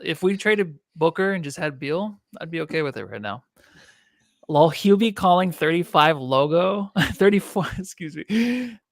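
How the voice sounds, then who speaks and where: A man's voice: fairly high pitch, expressive, normal speed, no room sound, clean studio sound. A man co-hosting a casual sports podcast, blunt and profane, laughing often. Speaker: podcast co-host.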